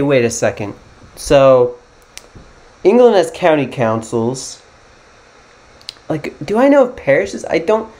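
Thinking aloud as he plays a geography guessing game, a young American YouTuber offers loose, self-deprecating commentary. His voice is medium in pitch and a little mellow.

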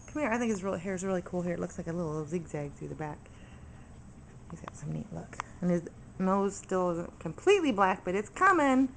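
A woman talking to her puppies in soft, affectionate baby talk while filming them. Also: fairly low pitch, normal speed, creaky, a little hiss or hum. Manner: soft, affectionate, sing-song. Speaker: dog breeder showing puppies.

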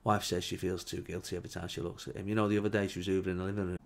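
A man's voice: low-pitched, level tone, rapid-fire, vocal fry. A man telling a comic story in a dry, mock-solemn way. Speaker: comedian. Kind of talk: deadpan comic monologue.

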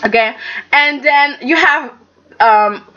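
A woman's voice: high-pitched, takes it slowly, muffled recording. A woman chatting casually and sassily through a recap, acting out the characters' lines as she goes. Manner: animated, sassy, acts out characters' lines. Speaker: soap opera recap vlogger.

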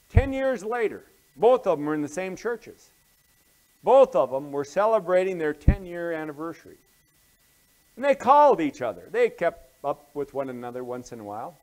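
A pastor preaching an evening sermon, his voice sitting on the high side for a man. He tells his story in waves, building to loud, emphatic peaks and then dropping to soft, low asides. He repeats key phrases to drive them home. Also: rough recording.

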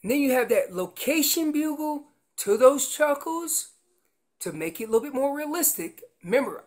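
Man teaching elk calls, animated. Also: very high-pitched, moderate pace. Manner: explains calls step by step, emphatic and animated. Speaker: guest elk-calling instructor. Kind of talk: instructional demonstration.

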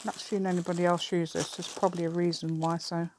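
Middle-aged woman, slightly low voice, rambling craft-video chatter with laughs and mumbled asides. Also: flat delivery, fast, noisy background. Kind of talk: casual chat while crafting.

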